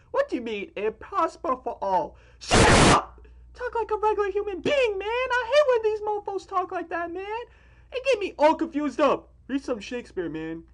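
A young man hosting a reaction video from a small room at home, loud and excitable, full of slang. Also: very high voice, noisy background. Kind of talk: casual reaction commentary.

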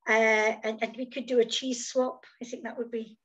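A woman's voice: on the high side, level tone, moderate pace, a bit bright, slightly rough, low-quality recording. A woman hosting a casual interview over a video call, chatty and full of fillers, speaking from outdoors in summer. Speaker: host.

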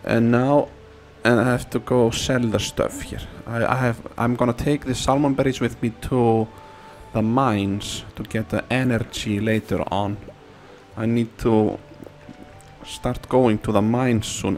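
Male gamer, casual play-along commentary, slow and playful, mid pitch. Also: fairly even intonation, a little mellow, faint music behind. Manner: playful, rambling, sing-song repeats.

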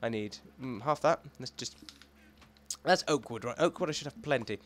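A young man talking to himself as he plays a video game, rambling and excitable, thinking aloud as he goes. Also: mid-range voice, moderate pace. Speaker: gaming YouTuber. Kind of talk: let's play commentary.

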